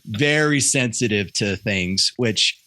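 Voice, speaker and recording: A man in his thirties speaks as a podcast guest, candid and earnest, circling back and restarting his sentences as he tells a personal story. His voice sits a little low but has a bright, forward edge. The sound is close and dry, with no room around it. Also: expressive, takes it slowly, no room sound. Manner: earnest, self-correcting storyteller with frequent restarts. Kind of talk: candid conversational interview.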